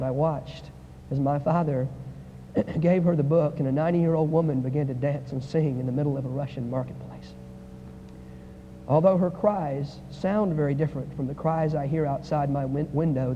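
A man preaching a sermon to an assembly, reading a testimony and leading a prayer, his delivery impassioned and swinging between soaring and hushed. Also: fairly high pitch. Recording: echoey hall, dull lo-fi sound, faint noise.

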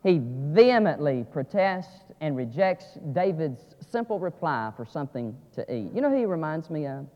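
A man preaching a sermon, dropping to quiet asides and rising to loud, emphatic climaxes. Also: sing-song, moderate pace, few pauses. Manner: swings from low asides to shouted climaxes. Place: church sanctuary. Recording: lo-fi audio with long church reverb.

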